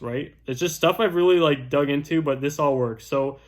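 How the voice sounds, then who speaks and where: A man's voice: a little high, moderate pace. A young man casually teaching door-knocking scripts as a real estate agent, tagging his points with "right?". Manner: chatty, keeps asking "right?". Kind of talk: casual instructional talk.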